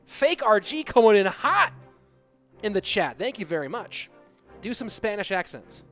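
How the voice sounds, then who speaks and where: A man calls a live game tournament with a high, bright-sitting voice, getting excited over big plays and chatting with his viewers. Music runs clearly behind him the whole time. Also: a little slow. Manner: excitable, hyped shout-outs to viewers. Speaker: esports caster and streamer. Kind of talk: live game commentary reading chat.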